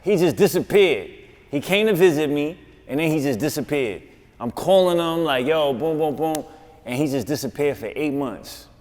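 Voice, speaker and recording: A man with a New York accent, a guest on a podcast, telling a story in an insistent, animated way with street slang. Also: on the high side, normal speed, big-room sound. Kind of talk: casual podcast interview.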